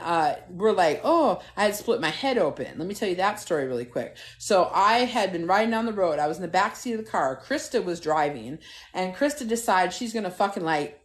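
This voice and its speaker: Low-voiced, profane middle-aged woman storyteller. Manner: animated, profane, talks straight to viewers. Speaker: TikTok live host. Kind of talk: casual live-stream chat and storytelling. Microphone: phone.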